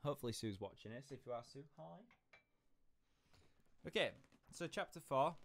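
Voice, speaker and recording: A man's voice: medium pitch, animated, moderate pace, gravelly. A man casually chatting and reading a book aloud on a livestream, rambling and laughing at himself.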